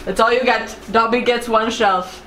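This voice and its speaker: A woman's voice: fairly high pitch, fairly even intonation, moderate pace, fairly bright tone, echoey room, a little hiss or hum. A young woman in her twenties, playful and teasing, chatting casually at home. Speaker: partner of the vlogger. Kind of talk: casual chat. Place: apartment at home.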